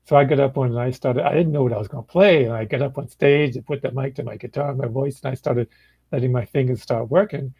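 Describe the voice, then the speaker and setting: A medium-pitched, gravelly and husky voice belongs to an older blues musician who talks fast, captured as dull audio with no room sound in an indoor room. He tells stories in a casual chat at an easy pace, relaxed as he acts out what people said.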